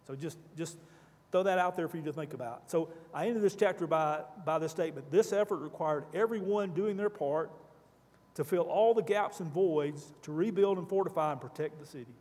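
A man's voice: a little high, fairly quick, a little mellow, big-room sound. A man leading a Bible study class, asking the group questions and reading scripture aloud.

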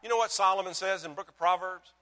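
A man preaching a sermon as pastor, swinging from loud emphasis to hushed lines and telling folksy, self-mocking stories. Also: sits high, fast, big-room sound.

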